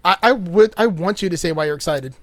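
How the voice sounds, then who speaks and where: A man's voice: sits high, expressive, fast, dry recording, studio quality. A man hosting a podcast over a video call, joking and swearing casually. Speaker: podcast host.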